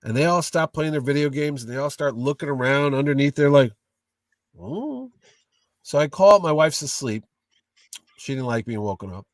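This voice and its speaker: A man telling funny stories in a casual interview, an animated, jokey storyteller. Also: mid-range voice, a little fast, dry recording, far from the mic. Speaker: guest, comic con owner.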